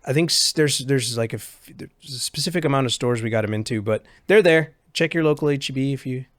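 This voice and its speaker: A man's voice: mid-range voice, brisk, no echo, clean studio sound. Easygoing man agreeing in casual chat. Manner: easygoing, agreeable, lots of yeahs. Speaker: podcast guest, YouTuber.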